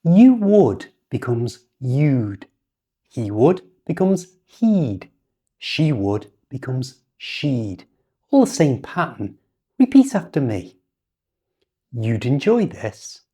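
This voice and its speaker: A woman with a British accent teaching English pronunciation patiently, speaking example sentences slowly and clearly. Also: rumbling low, very animated, mellow. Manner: patient, instructive, over-articulated examples.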